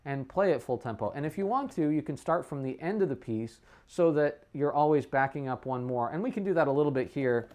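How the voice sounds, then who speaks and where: Singing phrases on syllables between his explanations, a male music teacher shows how to practice a piece. His voice sits on the high side with a darkish tone, animated and a little fast with hardly any pauses. The recording is dull lo-fi stream audio.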